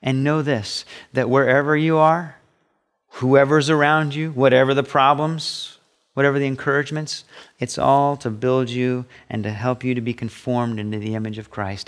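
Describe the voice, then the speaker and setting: A middle-aged man preaching a sermon as pastor, emphatic, rising high when he acts out voices. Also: fairly even intonation, moderate pace. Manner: emphatic preaching, pitch rising sharply on quoted asides.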